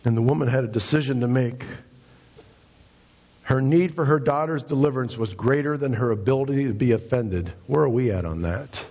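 Pastor, male, husky voice, impassioned preaching style, dull lo-fi recording. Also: lively intonation, normal speed, a little mellow, in a large hall. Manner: impassioned preaching, rising in pitch for emphasis. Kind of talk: sermon. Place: church sanctuary.

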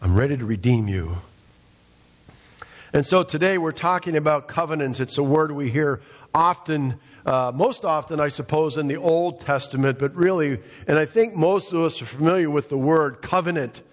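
A pastor preaching a sermon, emphatic and repetitive, calling out members of the congregation by name. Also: male voice, a little high, moderate pace, in a large hall, lo-fi sound. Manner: emphatic, repeats phrases, addresses congregation by name.

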